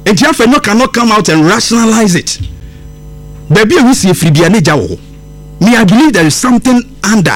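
Animated Ghanaian man on radio. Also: high voice, brisk. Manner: emphatic, indignant, repeating himself for stress. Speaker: radio host. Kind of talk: radio political commentary in Twi and English.

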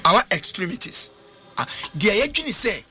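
A man's voice: high voice, sing-song, normal speed, sharp tone, faint music behind. A man with a Ghanaian accent preaching a sermon, mixing English with Twi in call-and-response style.

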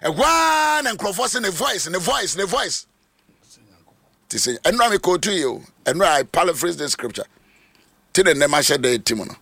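A man preaching, switching between Twi and English, with sudden shouts and hammering repetitions. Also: a little high, expressive, a little fast, vocal fry, long pauses, slightly rough, no echo. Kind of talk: sermon.

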